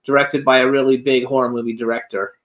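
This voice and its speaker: A man's voice: medium pitch, flat delivery, fast, a bit bright, low-quality recording. A man hosting a radio interview show, chatting in an upbeat, promotional way as he plugs projects and welcomes guests. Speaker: host. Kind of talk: casual radio interview chat.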